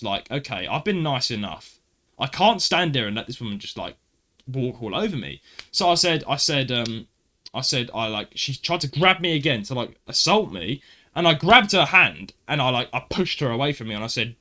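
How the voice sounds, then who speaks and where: Male podcast host, bright and lively storyteller, quick to act out the dialogue. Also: a little high. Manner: animated, acts out dialogue, frequent "I was like" asides. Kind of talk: casual storytelling.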